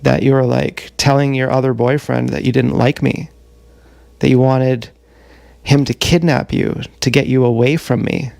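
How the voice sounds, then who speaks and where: Recorded on an action camera with no room sound, a man livestreams a rambling confession at a moderate pace. His ordinary-pitched voice is gravelly, creaky, steady and darkish, and his blunt, profane talk keeps stalling on fillers.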